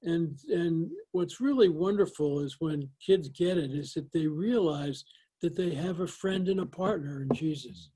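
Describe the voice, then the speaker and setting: A man's voice: on the high side, expressive, a little slow, dark tone, slightly rough, rough recording. An older man answering interview questions, talking in a folksy storytelling way with lots of "you know"s. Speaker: guest. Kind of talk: interview conversation.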